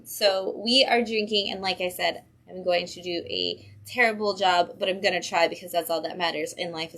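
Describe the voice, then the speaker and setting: A woman's voice: mid-range voice, pushed and bright. A woman hosting a casual livestream from a comic book shop. She is chatty and upbeat and drops in frequent ums.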